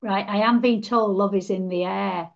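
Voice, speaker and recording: Female medium on a live show; earnest reading, mid pitch, dull lo-fi sound. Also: steady tone, normal speed, creaky. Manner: earnest, relays spirit messages. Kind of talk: live online psychic reading.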